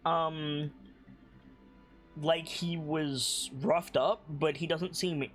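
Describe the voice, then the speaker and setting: A man's voice: a little high, little pitch movement, drawn-out words, fairly bright tone, soft background music. A man running a tabletop game as game master, describing scenes in a laid-back way with lots of "like"s.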